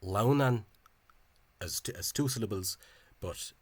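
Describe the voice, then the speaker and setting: A man giving an informal spoken lecture over on-screen examples. He talks in a halting, hesitant way and is openly scornful of the official spelling. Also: deep voice, slightly rough, no echo. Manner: hesitant and halting, with frequent pauses and restarts. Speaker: language enthusiast presenting a video lecture.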